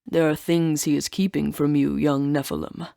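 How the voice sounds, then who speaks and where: An ancient winged beast with an ox's body speaks slowly and gravely, growling each threat, as a woman puts him on. The voice sits low and close, with no room around it. He sounds solemn and menacing, guarding his temple in an audiobook. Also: little pitch movement, warm tone, dry recording.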